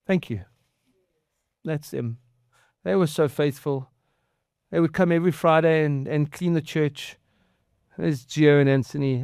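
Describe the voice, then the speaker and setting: A man preaching a conversational sermon as pastor, earnest and halting, often repeating and restarting his words. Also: a little high, vocal fry, darkish tone, smooth, no echo, clean studio sound. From outside the US.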